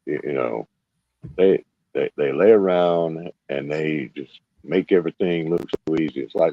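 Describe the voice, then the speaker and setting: A man with an extremely deep voice rambles in a laid-back way. His sound comes through dull and muffled, and it is dry. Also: measured pace, no echo. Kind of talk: casual chat. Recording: dull, muffled call audio.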